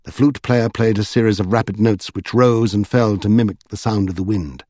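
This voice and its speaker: Man narrating an audiobook, steady measured telling, dry close sound. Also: lowish voice, no echo. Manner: measured storytelling. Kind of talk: scripted narration.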